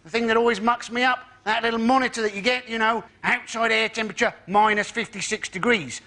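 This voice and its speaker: A male comedian delivering dry, deadpan observational one-liners. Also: very high-pitched, fairly quick. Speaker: comedian panellist.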